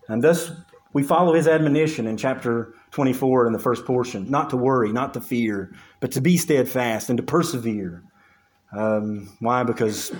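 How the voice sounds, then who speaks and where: A man preaching a sermon in an ordinary mid-range voice. He speaks earnestly and with emphasis, doubling back on his words and stressing key points. He drops into a quieter, lower voice when reading scripture. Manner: earnest, emphatic preaching with frequent restarts and fillers. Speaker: pastor.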